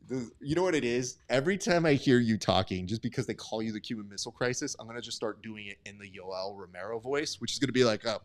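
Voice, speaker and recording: A man's voice: medium pitch, animated, a little fast, hardly any pauses. A young man hosting a live stream, giving sport commentary in casual, chatty, profane banter. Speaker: host.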